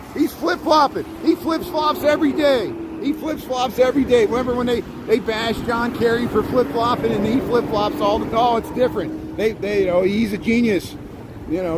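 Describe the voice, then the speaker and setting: A man's voice: sits high, noisy background. A middle-aged man chatting casually to viewers on a livestream as he walks city streets in the snow, rambling and often chuckling. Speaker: live-streaming vlogger. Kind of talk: casual walking livestream chat.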